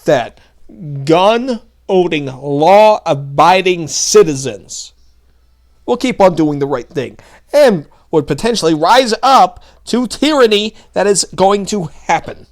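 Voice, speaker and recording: A man's voice: high-pitched, expressive, slow pace. Sarcastic man ranting. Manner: sarcastic, mocking, heated. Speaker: commentary show host. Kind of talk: ranting political commentary.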